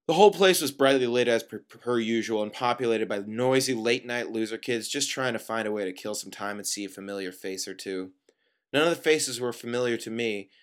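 A man reading a first-person story aloud, with even narration and dialogue that leaps up in pitch. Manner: narration in an even tone, dialogue with sudden high jumps.

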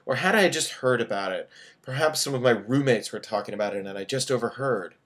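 A man's voice: mid-range voice, animated, fairly quick, a bit bright. A man in his thirties, an author reading his own fiction aloud and breaking off for casual asides with fillers. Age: 30s.

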